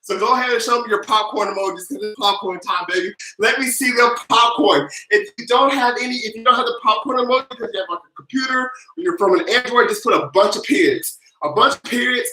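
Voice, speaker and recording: A live-stream host with a bright, pushing voice answers viewers' questions in loose, casual talk full of restarts. The host keeps pumping up the chat, leading loud chants. The voice rings in an echoey room. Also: medium pitch, quick pace, hardly any pauses. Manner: hyped-up, cheerleading the chat. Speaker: tax livestream host. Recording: roomy echo.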